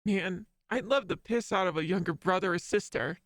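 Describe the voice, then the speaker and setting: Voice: mid-range voice, normal speed, fairly bright tone, no room sound, clean studio sound, close to an everyday voice. A streamer voicing a brash, distrustful young man who swears a lot while reading game dialogue aloud. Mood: bitter. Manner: swearing, scornful.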